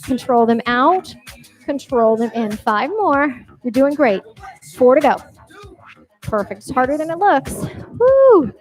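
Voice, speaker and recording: A woman's voice: high-pitched, lively intonation, unhurried, pauses often, low-quality recording. A woman fitness instructor leading a barre class, counting reps and giving encouraging cues with cheerful whoops. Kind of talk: cueing a workout class. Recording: music playing behind. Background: workout music.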